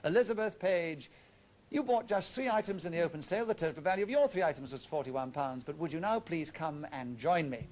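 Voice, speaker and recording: A man hosting a television quiz show in a studio, chatty and brisk, teasing the contestants as he reads out the questions. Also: on the high side, a little mellow, slight background noise.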